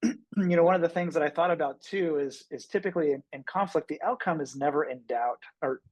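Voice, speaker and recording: A man on a discussion panel, speaking in a measured, reflective way with hesitations. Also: a little high, darkish tone, no echo, poor audio. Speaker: panel guest.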